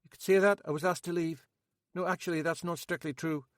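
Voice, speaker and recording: A man voicing an odd, blunt Scottish man with a sharp memory, talking raised and insistent as he rattles off details. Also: fairly high pitch, steady tone, a little fast, dry recording, clean studio sound, voice pushed up, lightly acted.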